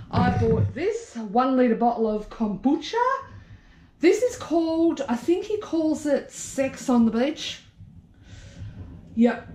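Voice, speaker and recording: A woman's voice: fairly high pitch, darkish tone, reverberant, a little hiss or hum. An Australian woman talking casually to an action camera as she shows around her home, blunt and chatty, with the odd swear. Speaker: vlogger.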